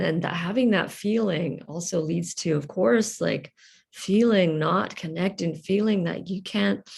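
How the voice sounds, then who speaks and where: A woman speaks slowly and earnestly in a reflective personal monologue. Her low voice is gravelly and a little husky. She halts often, restarting with fillers. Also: a little mellow. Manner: hesitant, halting, many fillers and restarts; earnest, emotional. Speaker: vlogger.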